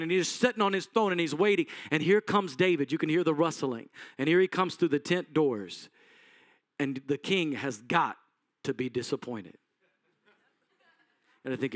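A male pastor preaches a sermon, telling the story in a chatty way and quizzing the crowd. His voice sits quite high for a man. The sound is dry and close, with little room. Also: expressive, moderate pace, pauses often, no echo. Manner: conversational storytelling, quizzes the congregation.

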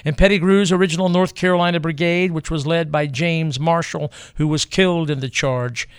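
A man's voice: fairly high pitch, steady tone, smooth, dry recording, clean studio sound. Grave man narrating history. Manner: measured, grave, deliberate pauses.

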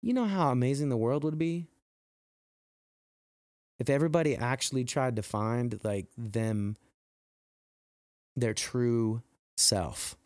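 A middle-aged man talking on his podcast, earnest and pumped up, rambling with restarts and leaping up in pitch whenever he acts out quoted exclamations. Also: a little mellow, no room sound, clean studio sound. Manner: jumps high for quoted exclamations. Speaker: podcast host. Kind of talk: motivational podcast monologue.

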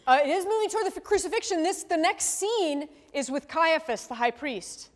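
A woman pastor's voice is extremely high and expressive as she briskly delivers a conversational sermon. She often checks in with the congregation using tag questions like a teacher would, and the sound has a large hall's long reverb.

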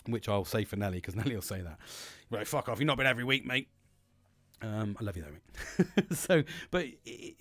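A man hosts a podcast in a loose, candid monologue, swearing often and breaking off to restart his thoughts. His voice sits at an ordinary middle pitch and sounds close and dry, with no room around it. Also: no room sound. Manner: chatty and frank, swears freely, restarts sentences. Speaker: podcast host. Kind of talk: casual monologue on coping and mental health.

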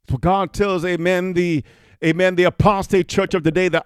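Fiery male preacher, high voice, dry close mic, swings from shouting to quiet scripture reading. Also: steady tone, fast, smooth, no room sound. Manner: peppers speech with amen and hallelujah; reads scripture in King James wording. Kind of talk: fiery sermon.

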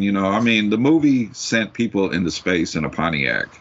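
A man co-hosting a podcast, reading news in a rambling, halting casual way. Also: deep voice, sing-song, noisy background. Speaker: podcast co-host. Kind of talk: casual chat. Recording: muffled lo-fi audio.

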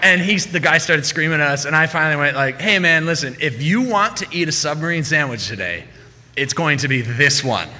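A man's voice: a little high, sharp tone. A man hosting a live storytelling night and telling his own story, loose and laughing as he acts out quotes. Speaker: host and storyteller. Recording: long hall reverb, faint room noise.

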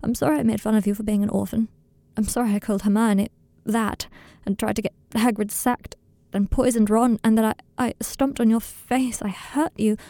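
A woman's voice: medium pitch, steady tone, a little fast, vocal fry, mellow, no room sound, close to an everyday voice. A woman reading the part of a remorseful young man, tearful and apologetic on a late-night phone call.

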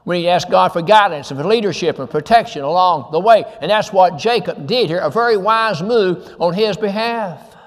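A man's voice: high voice, normal speed, big-room sound. A male pastor, preaching a sermon with emphatic repetition and scripture quotes.

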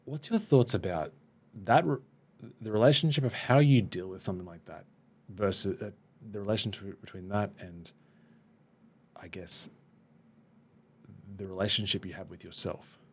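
Low husky guy hosting a podcast, open, restarts a lot. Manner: open and self-reflective, halting restarts. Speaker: podcast host. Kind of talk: candid podcast conversation.

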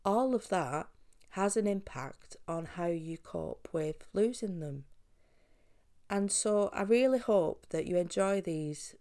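A woman's voice: on the low side, expressive, slow pace, dark tone. A woman hosting a podcast, speaking earnestly and reassuringly straight to the listener. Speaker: podcast host on pet bereavement. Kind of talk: direct-address podcast talk.

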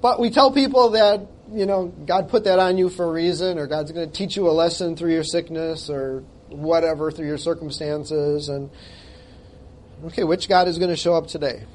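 Male pastor with a high voice, emphatic and conversational sermon, self-deprecating asides. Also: moderate pace, a little mellow, slight background noise. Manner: emphatic, conversational, jokes at himself. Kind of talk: sermon with scripture reading.

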